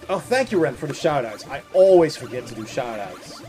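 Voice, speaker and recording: A Dutch man from the Netherlands streams a video game, chatting casually with his viewers and laughing often, with game music playing behind him. His medium-pitched voice is very animated and brisk.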